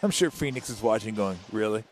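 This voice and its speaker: A man's voice: mid-range voice, brisk, a little hiss or hum. Joking man analyst in postgame banter. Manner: jokey, animated storyteller with laughs. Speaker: color analyst. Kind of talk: postgame broadcast chat.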